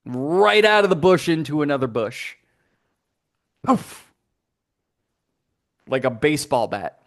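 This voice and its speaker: A man's voice: a little high, moderate pace. Playful man running a tabletop game. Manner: playful, animated storytelling with sound effects. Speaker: game master.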